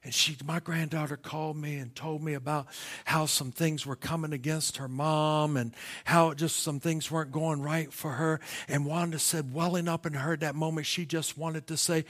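A middle-aged man preaching a sermon, moving between quiet storytelling and loud, impassioned calls. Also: on the high side, fairly even intonation, moderate pace. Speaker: pastor.

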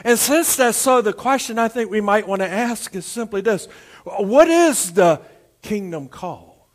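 A high-pitched man preaching. He tells stories in a folksy, homespun way and stretches his phrases for emphasis, as a pastor addressing his congregation. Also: expressive, a little slow. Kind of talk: sermon. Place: church service streamed to homes.

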